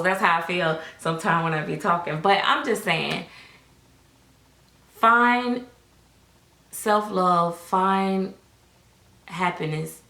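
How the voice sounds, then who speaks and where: A woman's voice: fairly low pitch, slow, vocal fry, pauses often, bright, forceful tone. A woman vlogger talking straight to her viewers from her doll nursery at home, frank and preachy in a casual, down-to-earth way. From Florida. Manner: frank, preachy, Southern Black vernacular. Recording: echoey room.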